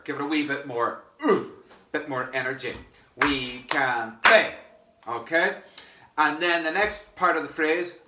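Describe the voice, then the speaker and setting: A man leads a drumming class, speaking slowly and patiently as he explains each rhythm. He sounds far from the mic in a roomy, echoing space with clear noise behind him. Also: on the high side, sharp tone. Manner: encouraging, explains step by step, chants rhythm words slowly. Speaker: percussion teacher. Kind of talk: music lesson.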